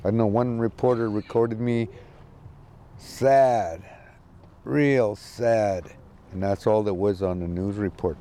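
Man, low voice, slow, halting restarts, mellow tone, outdoors, faint traffic noise. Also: flat delivery. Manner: halting, emotional, many restarts. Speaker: community advocate calling in from a camp. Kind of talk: casual spoken report. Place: outdoor encampment.

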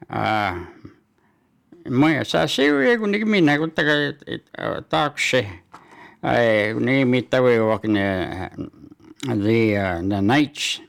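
Male community announcer, unhurried and hesitant, lots of fillers, gravelly texture. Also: mid-range voice. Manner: halting delivery with many fillers. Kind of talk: community announcements and sports news.

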